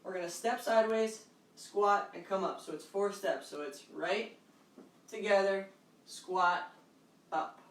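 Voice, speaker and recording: A woman's voice: medium pitch, unhurried. A woman fitness instructor leading a live online workout class, upbeat and encouraging, calling out steps and counts at home. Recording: roomy echo, distant mic, faint background noise.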